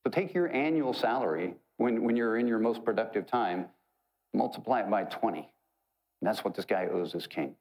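A man's voice: on the low side, expressive, moderate pace, darkish tone, rough recording. A man preaching a sermon, retelling a parable in a conversational, joking way. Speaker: pastor.

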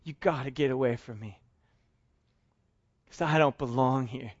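A man's voice: high voice, normal speed, highs cut off, natural voice. A pastor playing Peter the pleading fisherman. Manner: earnest, pleading, self-reproaching. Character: remorseful fisherman Peter, adult man, blunt.

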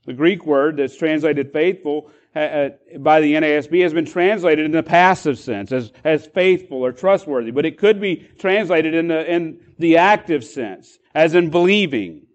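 A man's voice: fairly high pitch, moderate pace, few pauses, muffled recording. A man preaching as a pastor, explaining a passage with frequent restarts and repeated words. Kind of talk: sermon.

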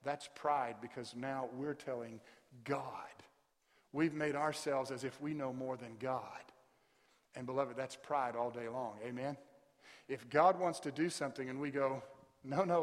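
A man's voice: medium pitch, steady tone, moderate pace. Man preaching in a reverberant hall. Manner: emphatic preaching that builds to loud, stressed peaks. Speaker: pastor. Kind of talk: sermon.

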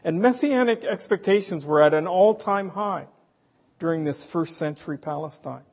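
A man preaching a sermon in a slow, emphatic way, asking the congregation rhetorical questions. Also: high voice, darkish tone, husky. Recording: dull, hall reverb, from a distance.

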